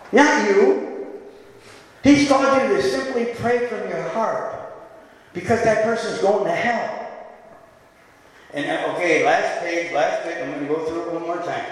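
A man preaching a sermon as pastor in a church, impassioned, swinging from quiet, gentle stretches to shouting. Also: high-pitched, a little slow, long pauses. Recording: echoey hall.

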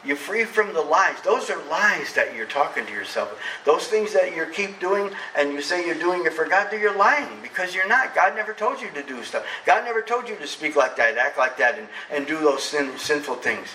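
A middle-aged man preaching a sermon as pastor, emphatic, swinging between loud preaching and soft confiding. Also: fairly high pitch, animated, moderate pace, few pauses, recorded from a distance, a little hiss or hum. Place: church sanctuary. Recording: echoey church hall from off-mic.

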